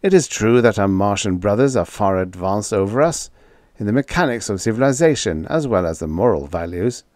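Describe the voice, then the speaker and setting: A man's voice: fairly low pitch, expressive, fairly quick, a little mellow, no echo, clean studio sound, close to an everyday voice. A man reading an audiobook, voicing an earnest male speech-maker addressing an audience. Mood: solemn. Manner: oratorical, earnest. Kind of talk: audiobook character voice.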